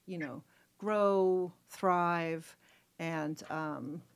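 A woman's voice: lowish voice, very slow, clean tone. A woman from Denmark, a radio guest promoting a festival, talking casually with many fillers and restarts.

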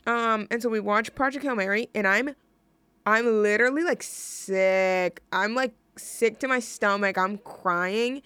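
A woman's voice: mid-range voice, moderate pace, a bit bright, clean tone, dry recording. A young woman hosting a college radio show, chatting casually and rambling with lots of fillers. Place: radio studio.

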